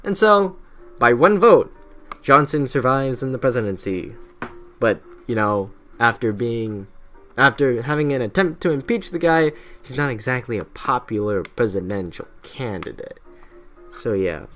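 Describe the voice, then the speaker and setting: A man's voice: mid-range voice, very animated, a little slow, a bit bright, faint music behind. A young man explaining history in a casual, irreverent way, swearing constantly and slipping into mocking voices for historical figures. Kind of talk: casual profane history narration.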